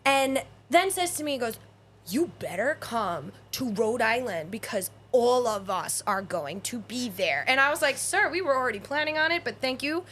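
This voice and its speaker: A woman in her forties co-hosting a podcast, telling animated stories in casual chat, acting out quoted voices, swearing and laughing often. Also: a little high, normal speed. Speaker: podcast co-host.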